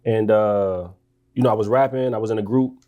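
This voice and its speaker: A man's voice: fairly low pitch, steady tone, fairly quick, mellow. Laid-back man telling stories. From Washington, D.C. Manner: laid-back, talks in long rambling stories. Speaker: guest, author and musician. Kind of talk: casual interview storytelling.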